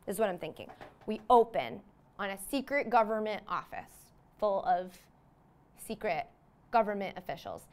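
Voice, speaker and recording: A woman's voice: mid-range voice, sing-song, moderate pace, a little mellow. A young woman hosting a comedy show, rambling through a made-up movie plot with lots of "like". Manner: rambling, peppered with "like". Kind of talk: comedic monologue.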